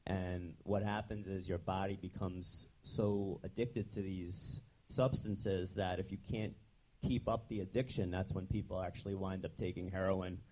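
A man's voice: low-pitched, darkish tone, a little hiss or hum. A young adult man, a chiropractor, telling his story in a casual interview with frequent ums and restarts. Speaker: chiropractor guest. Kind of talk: conversational interview.

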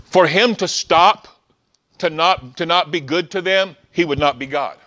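A man preaching a sermon, excitable, often restarting phrases as he retells a story. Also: a little high, unhurried. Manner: excitable, stumbling restarts, acts out scenes.

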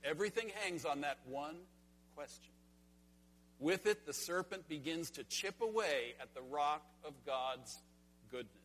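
A man delivers an earnest sermon, posing question after question and circling back on his key phrases. His voice sits a little high and carries a husky edge. A long reverb trails each line through the church sanctuary. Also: animated, unhurried, fairly bright tone. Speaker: pastor.

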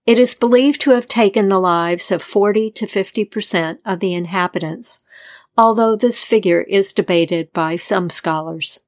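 A woman narrating a folktale and its history in a measured, deliberate scripted style. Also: mid-range voice. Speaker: storyteller.

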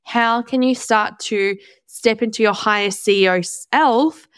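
A woman's voice: on the high side, unhurried, fairly bright tone, clear, resonant tone, no room sound, clean studio sound. A woman, hosting a solo podcast in a blunt, chatty, motivational way. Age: 20s. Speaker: podcast host. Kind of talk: casual solo podcast monologue.

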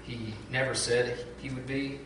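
A man, preaching a sermon as a pastor in a lively, conversational storytelling way full of asides. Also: medium pitch, a little slow, background noise. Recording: very echoey hall from far off.

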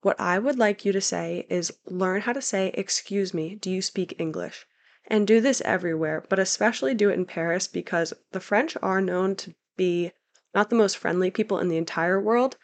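A woman's voice: medium pitch, fairly quick. A young woman talking through travel tips in a casual, upbeat, chatty way as a travel vlog host. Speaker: travel guide.

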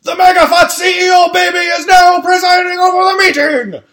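A man voicing a loud German-accented cartoon assistant who shouts every line like an announcer. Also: extremely high pitch, steady tone, normal speed, pitched above the performer's own voice. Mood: booming.

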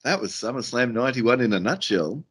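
A man's voice: mid-range voice, a little fast, husky. A man, co-hosting a podcast and recapping a wrestling event in casual chat, acting out the voices he quotes. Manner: animated storyteller who acts out quoted voices. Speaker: podcast co-host.

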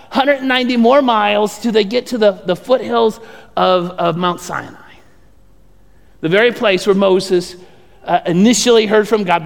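Conversational pastor with a high, gravelly voice. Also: male voice, long reverb tail. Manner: conversational, animated storytelling with many restarts. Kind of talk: sermon.

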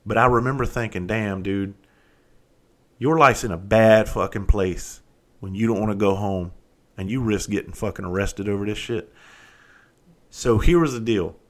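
A man who used to be a police officer and is from South Carolina, telling a long profane story in a casual, animated way, sometimes loud and sometimes hushed. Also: on the low side, normal speed, pauses often.

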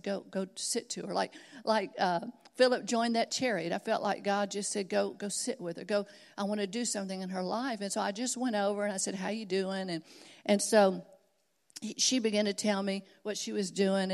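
A woman's voice: medium pitch, vocal fry. A middle-aged woman preaching a sermon, telling stories earnestly and building to emphatic exhortation.

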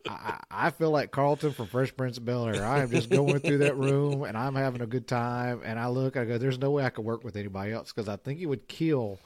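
A man's voice: mid-range voice, a little fast, hardly any pauses, darkish tone. A man and podcast co-host in casual shop talk, musing about his work with frequent restarts. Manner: reflective, chatty, with repeated restarts.

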